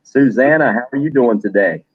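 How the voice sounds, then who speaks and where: A man's voice: medium pitch, moderate pace, breathy edge, dry recording, lo-fi sound. A middle-aged man hosting a livestream, chatting loosely, cursing now and then and greeting viewers by name. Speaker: livestream host. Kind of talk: casual livestream chat.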